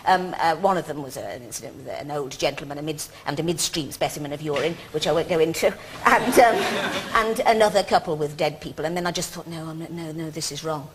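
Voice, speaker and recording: A woman's voice: deep voice, quick pace, hardly any pauses, slight background noise. A woman in her fifties, a guest on a chat show, telling self-mocking stories and laughing often.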